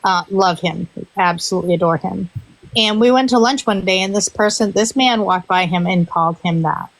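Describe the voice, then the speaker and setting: A woman's voice: medium pitch, moderate pace, dry recording, poor audio. Woman, hairstylist, casual chat, earnest and emphatic, dry sound. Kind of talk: casual live stream chat.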